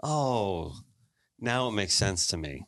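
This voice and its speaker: A male host chats casually and asks curious follow-up questions. His voice sits a little low but has a bright, forceful edge. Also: lively intonation, takes it slowly. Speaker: podcast host. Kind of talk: casual chat.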